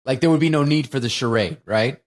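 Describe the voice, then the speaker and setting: A man co-hosting a podcast, talking casually about a film and retelling its scenes in an animated, profane way. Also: mid-range voice, fairly quick. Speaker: podcast co-host.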